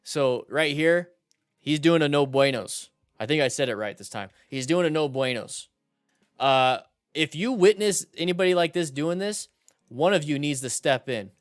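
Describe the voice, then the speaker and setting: A man's voice: on the high side, expressive, moderate pace, dry recording, clean studio sound, soft background music. Chatty man giving blunt riding advice. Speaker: motorcycle channel host. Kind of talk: casual reaction commentary on riding videos.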